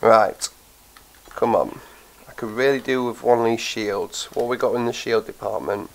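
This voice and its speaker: Congested and tired from a cold, the gaming host keeps up a relaxed running commentary while he plays, musing aloud and saying um often. He speaks in a gravelly mid-range voice at normal speed with a steady tone, on a rough recording.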